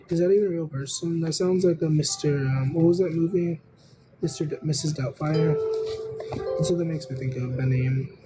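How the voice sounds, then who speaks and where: With a medium-pitched voice and poor audio, a tarot reader runs a laid-back live stream. She talks slowly and meanderingly, peppering her speech with "um" and "I don't know."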